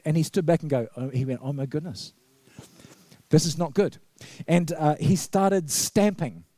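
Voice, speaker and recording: Here a middle-aged vicar, warm-toned and on the high side, tells anecdote after anecdote in a conversational church sermon. He's a chatty storyteller who laughs a lot and acts out quotes, and there's no echo.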